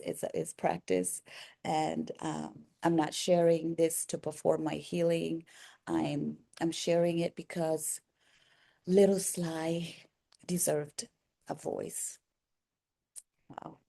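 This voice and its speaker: A woman speaking slowly in a personal reflective vlog, with a heavily gravelly, husky texture. Her tone is mellow and warm. She talks earnestly and softly, pausing and starting over as she looks for her words. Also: on the low side. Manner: halting, pausing and restarting, soft-spoken and earnest. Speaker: vlogger.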